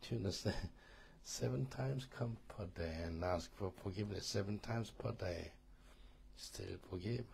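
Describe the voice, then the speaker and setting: A man teaching a church marriage course, earnest and halting, often repeating words and asking listeners if they understand. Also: lowish voice, vocal fry, darkish tone.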